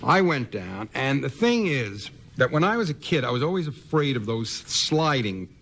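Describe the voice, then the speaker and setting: Dry, halting male storyteller. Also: medium pitch, sing-song, a bit bright, slight background noise. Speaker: actor guest. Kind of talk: talk show anecdote.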